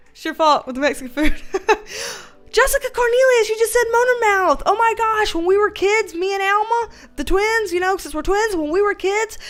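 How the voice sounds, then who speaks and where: A high, slightly bright voice belongs to this livestream host from the Southern United States. She greets viewers from home in casual, rambling chatter, laughing frequently.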